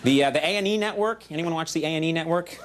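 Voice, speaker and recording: Late-night host guy, fairly high voice, quick and joking, old noisy tape with a big crowd. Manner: quick, self-mocking, shouty outbursts. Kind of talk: comedy monologue. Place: television studio stage before live audience. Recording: VHS archive broadcast with loud audience.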